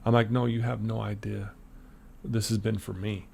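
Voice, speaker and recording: Fairly low-pitched, creaky and husky, this middle-aged Utah man talks at a moderate pace. As a guest on a casual podcast interview, he recounts something from his own life, performing the quoted voices of its characters like an animated storyteller.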